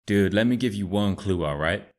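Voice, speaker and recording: A man putting on an American accent to voice Chad, an excitable, laid-back young American guy who calls everyone dude and bro. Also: fairly low pitch, moderate pace, close to an everyday voice. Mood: chummy. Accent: put-on American.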